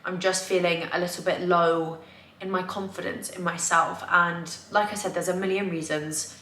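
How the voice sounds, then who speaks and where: A woman's voice: on the low side, fairly even intonation, moderate pace, bright, forceful tone, slight background noise. A young woman vlogging casually at home, chatty and candid, full of "like" fillers. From England. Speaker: lifestyle vlogger. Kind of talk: casual confessional vlog. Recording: echoey room, faint ambience.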